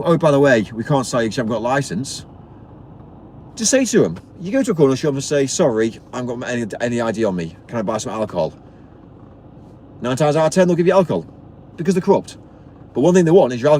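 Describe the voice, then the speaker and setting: Guy ranting on his live stream, fairly high voice that jumps all over, blunt and sweary, faint car hum behind. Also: a little mellow. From Britain. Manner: blunt, preachy, swears, repeats himself.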